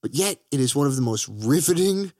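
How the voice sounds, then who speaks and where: A man's voice: mid-range voice, lively intonation, brisk, a little mellow, no echo, clean studio sound. A man co-hosting a podcast, chatting enthusiastically about films, joking and swearing. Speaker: podcast co-host. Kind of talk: casual film chat.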